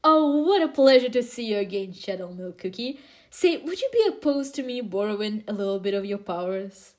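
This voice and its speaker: A woman's voice: medium pitch, animated, brisk, a little mellow, pitched below the performer's own voice, close to an everyday voice. A woman voicing a scheming villain from her comic, speaking in a smug, taunting way. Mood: menacing.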